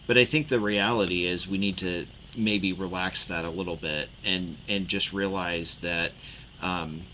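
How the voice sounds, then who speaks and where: A male co-host and chaplain talking in a relaxed, thoughtful way, hedging with fillers. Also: deep voice, unhurried, a little hiss or hum, poor audio. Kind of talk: casual podcast conversation.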